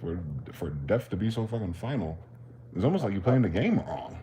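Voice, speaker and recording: Low-voiced man musing in street slang. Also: very animated, brisk, dark tone, a little hiss or hum. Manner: profane, questioning, street slang. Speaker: livestream host. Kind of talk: rambling philosophical monologue.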